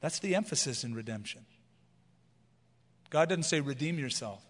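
Earnest pastor preaching in a reverberant hall. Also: male voice, mid-range voice, lively intonation. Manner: earnest, emphatic, slows for scripture, mocks guilt-preaching. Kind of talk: expository sermon.

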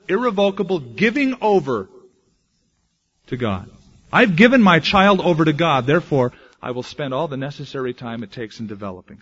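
A man's voice: on the high side, breathy edge. Emphatic male preacher, lo-fi recording. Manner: emphatic, swings between loud declaration and hushed asides. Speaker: pastor. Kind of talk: sermon.

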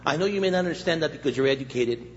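An older male guest pastor preaching a sermon with jokes and stories, animated and laughing at his own lines. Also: on the high side, very fast. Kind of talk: humorous storytelling sermon. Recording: echoey church hall, dull muffled sound, faint hiss.

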